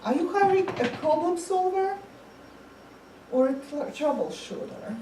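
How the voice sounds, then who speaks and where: A woman who is not a native English speaker delivers a prepared humorous club speech in a high, lively voice. She tells her story slowly and expressively. The sound carries from across an echoey meeting room with faint room noise. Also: distant mic.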